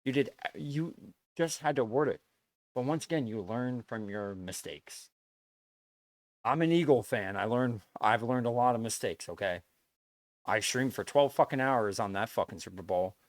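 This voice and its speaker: A male streamer lectures his chat in a steady mid-range voice, circling back to the same point again and again. The sound is dry and close, with no room echo. He swears freely but stays earnest. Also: mid-range voice, normal speed. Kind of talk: casual live-stream talk to chat.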